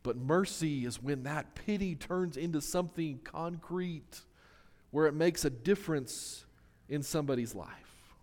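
A male pastor preaching a sermon in an earnest way, slowing down to stress key words. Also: fairly high pitch, darkish tone. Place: church sanctuary. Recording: long reverb of a large hall.

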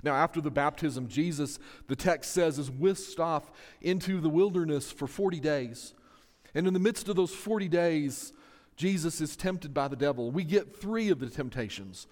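A man preaching a sermon in an animated storytelling manner, often stringing his sentences together with repeated "and.". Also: on the high side, moderate pace, big-room sound.

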